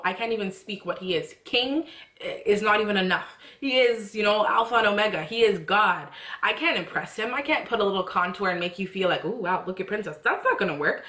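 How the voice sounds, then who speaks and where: A woman's voice: mid-range voice, fairly bright tone. Earnest young woman, echoey room. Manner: earnest and conversational, with many restarts and rising emotional prayers. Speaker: faith vlogger. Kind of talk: casual faith talk to camera.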